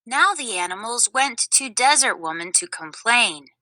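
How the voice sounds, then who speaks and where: A woman reading a children's story aloud in a clear, expressive way. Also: on the high side, moderate pace, no room sound, poor audio. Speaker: storybook narrator.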